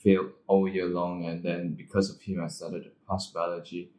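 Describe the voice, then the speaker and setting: A deep-voiced man in his thirties from Malaysia talks casually as a podcast guest. He speaks reflectively, a little halting. The room gives his voice a roomy echo. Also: flat delivery, dark tone. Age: 30s. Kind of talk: casual interview chat.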